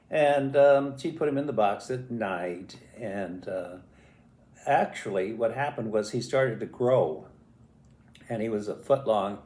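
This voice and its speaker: An older man telling a family story in a casual, animated way, acting out voices and sounds as he goes. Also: medium pitch. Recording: roomy echo.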